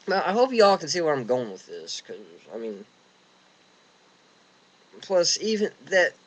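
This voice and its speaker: A man's voice: mid-range voice, poor audio. A young man ranting casually and indignantly, rambling with restarts, recorded outdoors in the wind. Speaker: vlogger. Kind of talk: casual rant.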